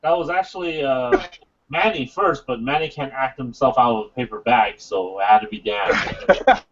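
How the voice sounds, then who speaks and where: A man hosting a casual live model-building stream, joking around and explaining with halting fillers. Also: mid-range voice, fairly bright tone, a little hiss or hum. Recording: dull lo-fi stream audio.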